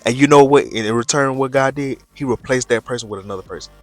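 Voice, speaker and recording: A man's voice: mid-range voice, fast, dry recording, faint music behind. Chatty young man vlogging. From Birmingham, Alabama, USA. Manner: loose and chatty, repeats phrases, preacher-like emphasis. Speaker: faith vlogger. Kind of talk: casual vlog chat and faith reflection.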